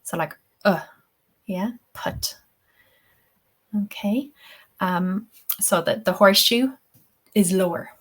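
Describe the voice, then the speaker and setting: A woman's voice: mid-range voice, measured pace, long pauses, a bit bright. A woman, a tutor answering questions in a live webinar, chatty and thinking aloud with many ums. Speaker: English-teaching tutor.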